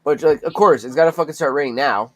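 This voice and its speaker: A man's voice: a little high, fast talker. A man streaming a game live, chatting casually with his viewers, swearing freely and cooing to his cats.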